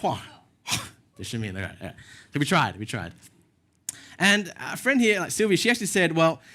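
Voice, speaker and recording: A male pastor giving a sermon in a church, telling stories in a relaxed, self-mocking way. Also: a little high, moderate pace. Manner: casual storytelling with self-deprecating asides.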